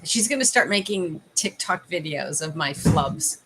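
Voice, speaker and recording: Chatty Canadian woman with a bright voice. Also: deep voice, expressive, measured pace, slight background noise. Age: 30s. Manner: chatty and teasing, laughs often, banters with viewers. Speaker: life coach hosting a live stream. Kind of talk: casual live-stream chat with viewers.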